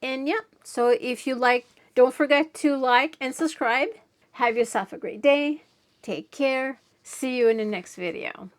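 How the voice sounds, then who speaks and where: A woman's voice: sits high, a little slow. A woman hosting a casual crafting review video, speaking frankly and repeating herself when frustrated.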